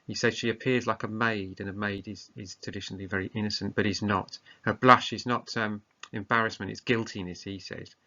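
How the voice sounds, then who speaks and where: Bright-voiced male teacher. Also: fairly low pitch, steady tone, brisk, hardly any pauses. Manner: explaining tasks plainly, often hesitant. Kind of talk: recorded remote lesson. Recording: muffled lo-fi recording.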